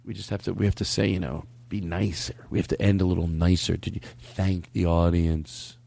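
Gravelly, low-voiced joking host. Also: male voice, flat delivery, fairly quick, warm tone, no echo. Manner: laid-back, joking, self-deprecating. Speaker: podcast host. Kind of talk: casual banter with co-hosts.

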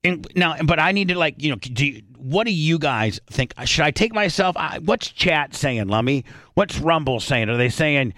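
A man's voice: a little high, lively intonation, normal speed, few pauses, a bit bright, no room sound. A man hosting a radio show, rambling through casual studio talk with lots of restarts and half-sung rap lyrics. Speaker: radio host.

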